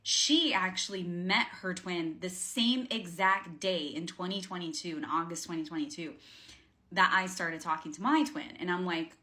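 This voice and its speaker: A woman speaks in a lowish voice with a sharp tone at a moderate pace, coaching viewers spiritually in a casual vlog to camera. She's earnest and rambling, with frequent fillers and restarts.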